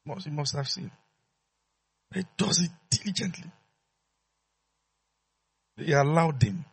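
Husky pastor preaching emphatically. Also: male voice, fairly high pitch, lively intonation, slow. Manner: emphatic, repeats phrases, call-and-response with congregation. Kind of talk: sermon.

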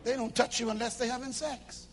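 High-voiced man preaching a lively sermon. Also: fairly quick, a little hiss or hum. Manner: animated and emphatic, swinging between loud bursts and low asides. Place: church with a congregation.

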